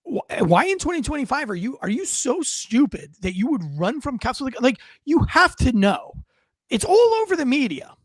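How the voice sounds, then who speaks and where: A young man co-hosting a podcast, talking in an animated, emphatic way and reading comments aloud. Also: very high voice, moderate pace, few pauses, no echo. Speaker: podcast co-host. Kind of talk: casual opinion chat.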